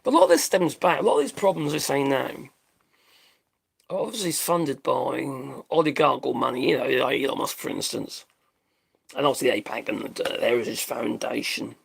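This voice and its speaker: Gravelly and a bit breathy, this middle-aged Briton's mid-range voice is animated and fairly quick. Giving casual live-stream commentary as host, he rambles bluntly, swears, and cracks himself up.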